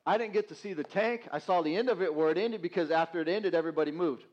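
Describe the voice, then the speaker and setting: A man's voice: on the high side, fast, highs cut off. A man preaching as youth pastor, telling a self-mocking story with acted-out quotes. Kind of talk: storytelling sermon. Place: church sanctuary.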